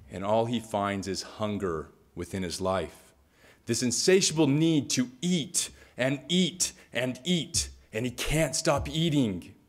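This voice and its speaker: Brief: male speaker telling stories dramatically, middle pitch, lots of repetition. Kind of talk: storytelling talk.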